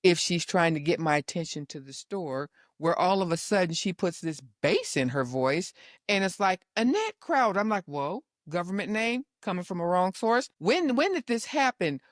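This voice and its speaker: A middle-aged woman, a mother guesting on a casual chat show, speaking in a measured, articulate, good-humored way. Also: lowish voice, lively intonation, no echo, studio quality.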